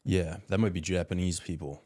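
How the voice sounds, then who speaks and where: A man from Rhode Island with a low voice, chatting as a podcast guest. He is laid-back and crude, with swearing in nearly every line. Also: steady tone, brisk, a little mellow. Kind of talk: casual podcast banter.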